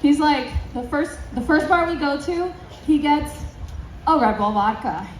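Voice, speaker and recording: A woman vlogger casually telling an animated story to camera, acting out dialogue and laughing often. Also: sits high, unhurried, distant mic, a little hiss or hum. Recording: roomy echo, away from the mic.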